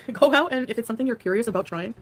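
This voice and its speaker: This clip, from an old live stream shown in a reaction video, features a woman whose voice sits on the high side with a breathy edge. She talks fast and animatedly, giggling at her chat and giving evasive answers that keep her private life to herself.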